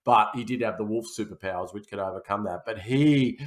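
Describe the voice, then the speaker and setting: A man's voice: lowish voice, fairly quick. A man co-hosting a film podcast, chatting casually in rambling, self-correcting banter. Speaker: podcast co-host. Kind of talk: casual chat.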